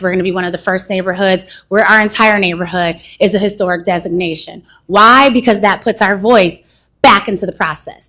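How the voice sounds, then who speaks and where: A woman's voice: medium pitch, fairly bright tone. A middle-aged woman from Cincinnati, a council candidate giving an emphatic, persuasive campaign speech at a community meeting and often tagging "okay".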